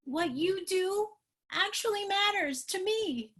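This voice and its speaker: This middle-aged trauma therapist has a very high-pitched voice and takes her time, leading an animated, forceful webinar over video call. She acts out lines from parents and children, recorded on a computer mic.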